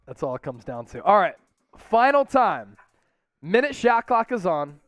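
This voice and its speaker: A young man hosting a casual live sports stream from a small studio, joking and breaking into loud chants. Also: high-pitched, measured pace, faint music behind. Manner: rowdy, excitable, shouts and chants. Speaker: sports show host.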